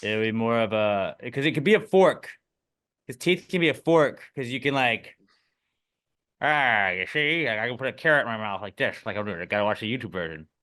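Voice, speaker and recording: A man hosts a podcast in loose, rambling banter full of deadpan jokes. His voice is bright and carries well. His pitch stays in the middle. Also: brisk. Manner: joking, rambling, deadpan asides. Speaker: podcast host.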